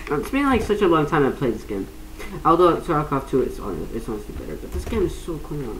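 A young woman casually commenting on her gameplay, chatty and excitable, often laughing and shrieking. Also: low-pitched, normal speed, long pauses, roomy sound, slight background noise, low-quality recording. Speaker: gaming streamer.

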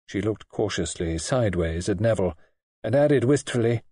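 A man narrating an audiobook in an expressive, measured storytelling manner. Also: low-pitched, breathy edge, dry recording.

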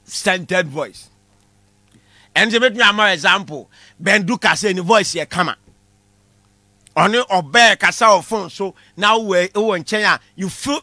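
Ghanaian male comic lecturer, very high and sharp tone, animated, punchy delivery. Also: no echo. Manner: animated, shouting punchlines, mixing Twi with English. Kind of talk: comedy class monologue.

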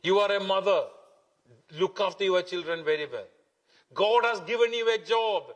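A man's voice: high-pitched, moderate pace. A man preaching a sermon as pastor, emphatic and repetitive, stretching key words. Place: church hall. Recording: long hall reverb.

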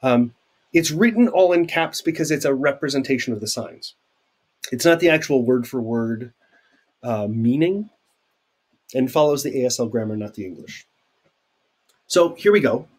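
Male teacher, casual lecture read; husky tone, very animated pitch, conversational with asides. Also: normal speed, long pauses. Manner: chatty, explains with asides and fillers. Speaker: sign language teacher. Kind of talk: recorded video lecture.

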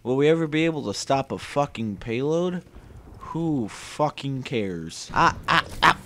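A young man talks over his gameplay in a loose, profane stream of commentary, his pitch jumping all over the place as he gets annoyed. There's a steady hiss of noise under his voice. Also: a little slow. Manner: loud, swearing, frustrated outbursts. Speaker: gaming YouTuber.

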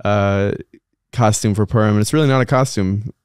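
A man's voice: fairly low pitch, normal speed, darkish tone, clear, resonant tone, dry recording, studio quality. A man hosting a podcast interview in a chatty, casual way with many fillers and restarts. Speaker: podcast host.

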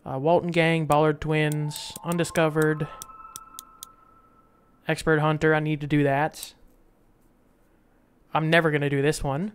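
A man's voice: a little high, flat delivery, unhurried, long pauses, clean tone. A man casually commenting while playing a game, thinking aloud with restarts. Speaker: gameplay streamer.

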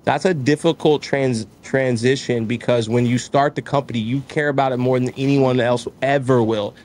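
A man's voice: mid-range voice, moderate pace. Man, thirties, business owner guest; mid-range voice, candid, acts out the people in his anecdotes. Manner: candid, animated storytelling, acts out quoted voices. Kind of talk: casual conversational interview.

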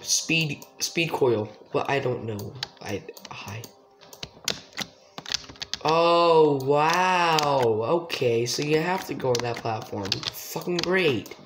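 A man's voice: mid-range voice, lively intonation, a little slow, hardly any pauses. Swearing, self-mocking young gamer guy. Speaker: gamer streamer. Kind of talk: live gameplay commentary. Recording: echoey room with background noise and keyboard clicks.

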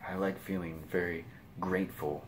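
A man's voice: low-pitched, steady tone, moderate pace, slight background noise. A man from the US Pacific Northwest rambling casually to camera as a vlogger, restarting phrases and poking fun at himself, with slightly mumbled words.

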